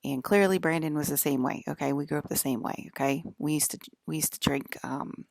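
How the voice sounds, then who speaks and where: Low, gravelly-voiced woman rambling. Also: a little fast, a little mellow, dry recording, clean studio sound. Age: 40s. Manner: rambling, filler-heavy, keeps asking "okay?". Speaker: channel host. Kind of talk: casual rambling monologue.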